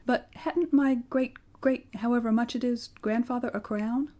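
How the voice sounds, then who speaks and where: A woman's voice: on the high side, steady tone, unhurried, dark tone, voice pushed up, natural voice. A woman voicing a polite, eager little boy who has just been made king, asking one question after another in a storybook reading.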